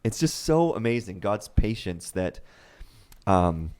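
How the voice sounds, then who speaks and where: A man co-hosting a church podcast in casual chat, retelling scripture stories with lively acted quotes and frequent laughs. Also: lowish voice, slow pace, clear, resonant tone. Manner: animated, acts out quotes, laughs often. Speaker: podcast co-host.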